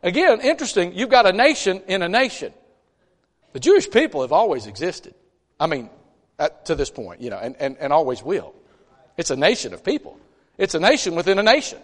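A man preaching a conversational sermon in a church, folksy and animated, with chatty asides between scripture readings. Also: high voice, brisk. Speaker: pastor. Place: church sanctuary. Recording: long church reverb.

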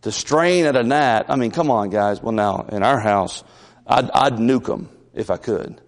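A man's voice: medium pitch, unhurried, big-room sound. A man preaching a sermon as the church's pastor, folksy and storytelling, with asides and chuckles.

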